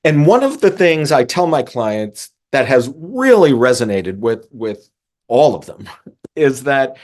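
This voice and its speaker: A man's voice: mid-range voice, big pitch swings, unhurried, darkish tone. A man coaching on emotional regulation, speaking earnestly and often repeating a word as he restarts a phrase. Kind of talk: talking-head coaching lesson.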